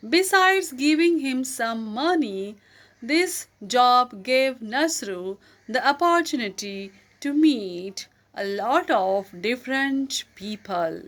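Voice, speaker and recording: A woman reading a children's story aloud in a gentle, deliberate storytelling manner. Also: fairly high pitch, lively intonation.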